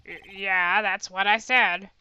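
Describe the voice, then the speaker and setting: A woman doing a bumbling young male police detective who stammers through every answer and keeps saying ma'am. The voice is very bright and sharp, the delivery slow and halting, with faint game music underneath. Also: mid-range voice, steady tone, smooth, dull audio. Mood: flustered. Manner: stammering, deferential, calls others ma'am and sir.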